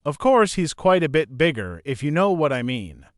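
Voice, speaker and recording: Guy reading as a jokey old grandpa type, teasing, smooth voice, kinda high. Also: very animated, normal speed, dry recording, studio quality. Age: older. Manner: joking, easygoing teasing. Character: teasing older man, kind grandfather driver.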